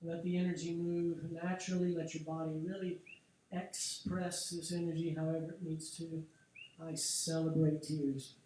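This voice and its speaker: A man leading a group tapping session, talking in a gentle, encouraging way. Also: fairly high pitch, little pitch movement, normal speed. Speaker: workshop leader. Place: workshop studio room. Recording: echoey room, mic far off, faint noise.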